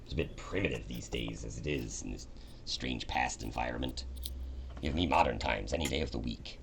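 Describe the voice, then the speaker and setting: A man voicing a fussy male robot companion who complains in a prim, measured way. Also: rumbling low, creaky, slight background noise, voice pushed down. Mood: complaining.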